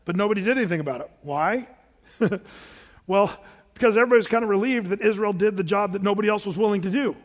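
In a high voice and at a quick clip, a male preacher shares a personal story with a live congregation, chatting away and laughing often at his own tale. The long reverb of a large hall surrounds the sermon.

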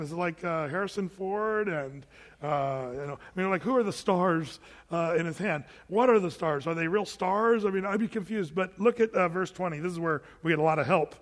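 A man's voice: high voice, expressive, fairly quick, big-room sound. A male pastor preaching a sermon in a conversational way, often acting out imagined questions from his listeners.

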